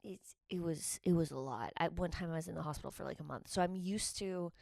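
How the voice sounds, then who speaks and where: Brief: pregnant woman vlogger, lowish voice, candid and rambling, dry close sound. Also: fairly quick, vocal fry, a little mellow, dry recording. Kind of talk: casual confessional vlog.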